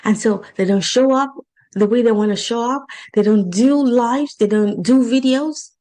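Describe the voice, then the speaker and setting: A woman's voice: fairly high pitch, moderate pace, mellow, rough recording. A woman with an accent who works as a life and financial coach, talking casually and encouragingly about her coaching program and repeating points for emphasis. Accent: non-native English accent.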